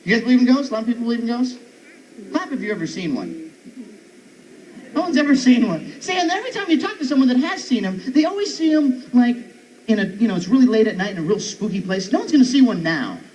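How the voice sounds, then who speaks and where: A man doing a stand-up routine on an outdoor stage, animated and chatty with the crowd. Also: very high-pitched, quick pace. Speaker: stand-up comedian. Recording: muffled live recording with background noise.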